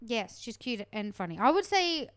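A woman's voice: a little high, big pitch swings, moderate pace, no room sound. A woman co-hosting a podcast, chatting playfully and mocking herself while recapping a TV show. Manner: playful, self-mocking, bursts of laughter. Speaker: podcast co-host. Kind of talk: casual chat recapping a TV show.

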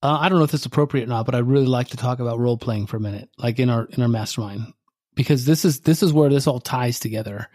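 A man's voice: mid-range voice, fast, darkish tone. A man co-hosting a podcast for contractors, talking casually and rambling with many fillers and restarts. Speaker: podcast co-host, contractor coach.

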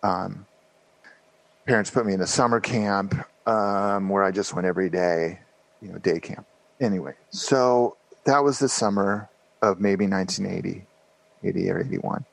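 A man in his fifties with a low, gravelly voice tells an unhurried story from his youth as a podcast guest. He winds through it with many fillers and restarts. The recording is close and dry. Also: no echo, rough recording. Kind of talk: casual storytelling interview.

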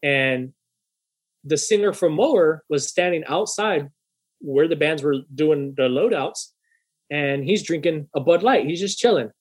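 A young man spinning a story on a podcast in a loose, chatty way. His voice sits fairly high, and he swears freely while acting out the people he quotes. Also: a little slow, slightly rough. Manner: animated, profane, acts out quoted voices. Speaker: podcast host. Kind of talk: casual storytelling chat.

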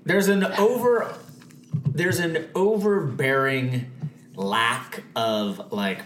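A man talks about a TV show, stopping and restarting as he searches for words. His mid-pitched voice has a roomy echo around it. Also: drawn-out words, a bit bright, a little hiss or hum. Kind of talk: casual chat about a TV episode.

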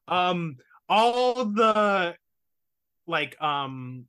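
A man with a bright, slightly higher voice chats loosely on a podcast. He hedges and circles with lots of ums, swearing offhandedly as he goes. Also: sing-song, drawn-out words, clean tone. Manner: rambling, many fillers, swears casually. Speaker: podcast host. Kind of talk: casual chat.

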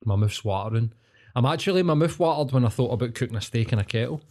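Glaswegian man, podcast co-host, casual and sweary, mid-pitched, storyteller type. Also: animated, fast talker, dark tone. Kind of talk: casual chat.

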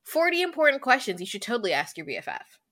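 A woman's voice: on the high side, big pitch swings, fast talker, a bit bright. A woman co-hosting a casual podcast chat, talking about friendship, reading lines from an article and laughing often. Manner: chatty, reads article text aloud, laughs a lot. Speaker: podcast co-host.

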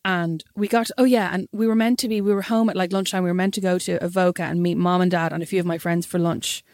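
A young Irish woman telling a story in casual chat, animated and swearing freely. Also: lowish voice, fast, dry recording, studio quality. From Ireland.

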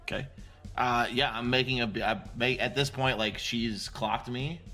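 A man with a bright, forward voice plays a tabletop game, eagerly describing what his character does. He trips over his words and restarts, while faint music sits behind him. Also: mid-range voice, steady tone, moderate pace.

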